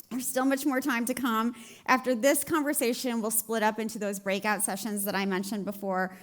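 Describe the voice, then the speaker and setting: Effusive woman host with vocal fry. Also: fairly high pitch. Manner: effusive, laughs often. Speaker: host, moderator. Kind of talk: moderating a live panel. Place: auditorium stage.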